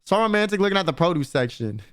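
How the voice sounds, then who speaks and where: A man's voice: high voice, sing-song, fast, smooth. A young man streaming and chatting casually with viewers in a blunt, slangy way, swearing often.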